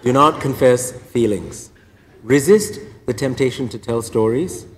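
A male priest giving a lively, humorous sermon and acting out penitents. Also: medium pitch, unhurried. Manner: lively, joking, acts out penitents. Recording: reverberant hall, faint noise.

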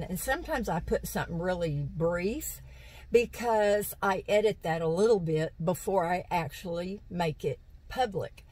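A woman's voice: mid-range voice, a little mellow, low-quality recording. A woman, chatting to her viewers from a parked vehicle, rambling through stories and laughing often. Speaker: vlogger. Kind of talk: casual chat to viewers. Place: parked vehicle in a parking lot. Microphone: phone on a stand.

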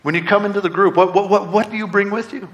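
A man's voice: high voice, steady tone, fast talker, highs cut off. Earnest middle-aged man preaching a sermon. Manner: earnest, conversational preaching with repeated rhetorical questions. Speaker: pastor. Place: church sanctuary.

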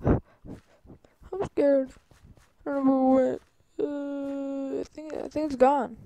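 A young woman talks her way through a video game, jumpy and easily startled, rambling to herself about what she sees. Her voice sits a little high for a woman. She comes from Canada. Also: flat delivery, slow, pauses often, mellow, dry recording, poor audio. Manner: jittery, easily startled, rambling self-talk. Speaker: gaming YouTuber. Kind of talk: Minecraft let's-play commentary.

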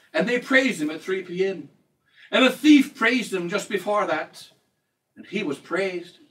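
A man's voice: high-pitched, a bit bright, recorded from a distance, poor audio. A man preaching a sermon as a bishop, emphatic and repetitive, quoting scripture along the way. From United States.

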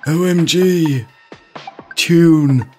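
A man voicing an old man in a future rest home who drones internet slang in a flat, nasal way. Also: a little high, very slow, slightly rough, soft background music, full character voice. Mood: enthusiastic.

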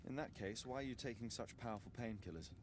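A man's voice: on the low side, fast talker, background noise, natural voice. A man voicing a polite, probing detective in a video game. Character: disguised detective questioning a lord, man.

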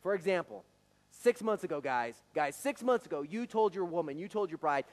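A high-sitting, animated male voice at a moderate pace belongs to a pastor in his forties preaching to his church. His earnest, conversational sermon in the sanctuary includes some stammered restarts, and the recording quality is low.

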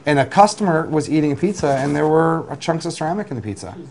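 A man who runs a delivery business, telling lively work anecdotes in an interview, with restarts and acted-out quotes. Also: on the high side, fast talker, a little hiss or hum. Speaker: food delivery business owner. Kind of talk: interview storytelling.

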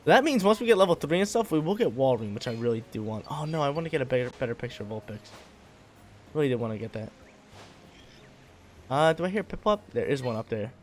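A man's voice: mid-range voice, expressive, fast talker, slight background noise. A man giving casual, hyped gameplay commentary, talking in slang and laughing often.

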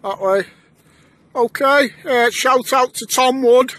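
A man's voice: very high voice, slow, a bit bright, no room sound. A man vlogging a metal detecting trip outdoors, joking and bantering with his mates. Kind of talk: casual outdoor vlog chat. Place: outdoors in fields.

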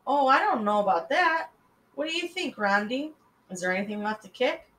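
A woman voicing a calm, teasing grown man who runs recess. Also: high-pitched, normal speed, roomy sound, voice pushed up. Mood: sly. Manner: easygoing, teasing. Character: calm, sly adult man running recess.

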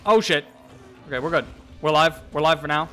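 A young man giving casual let's-play commentary, swearing and talking back to the monster, with sudden yells. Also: a little high, steady tone, very fast, soft background music. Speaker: gameplay commentator.

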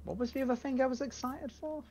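A man's voice: very high voice, fairly even intonation, fast talker, a little mellow, slight background noise. A man playing a co-op game with friends, thinking aloud in casual chat. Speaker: co-op player.

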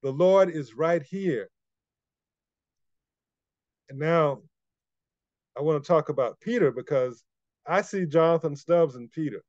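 A man's voice: on the high side, a little slow, pauses often, darkish tone, dry recording, highs cut off. A man preaching a sermon, emphatic and repeating key phrases for weight.

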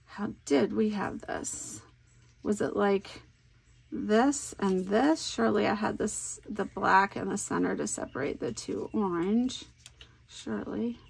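A middle-aged woman talks unhurriedly as she crafts, thinking aloud and musing to herself. Her voice sits at a middling pitch and carries a gravelly fry. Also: takes it slowly. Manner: chatty, thinks aloud while working. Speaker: scrapbooking crafter. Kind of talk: casual crafting vlog talk.

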